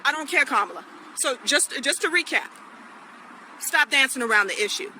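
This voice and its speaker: A man's voice: extremely high pitch, expressive, normal speed, bright, forceful tone, a little hiss or hum, low-quality recording. A man delivering a blunt, scolding political rant straight to the camera, repeating his points. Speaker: political commentator.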